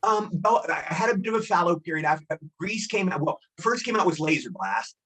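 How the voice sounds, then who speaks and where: A man being interviewed as a guest actor, telling stories in a fast, excitable way and acting out the quotes. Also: sits high, husky, poor audio. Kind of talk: animated storytelling.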